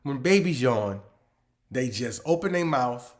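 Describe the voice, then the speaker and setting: A man hosting his own comedy show, ranting animatedly about pet peeves, dropping to low mutters and then bursting out loud. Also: expressive, measured pace. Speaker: comedian host. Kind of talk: comedic monologue.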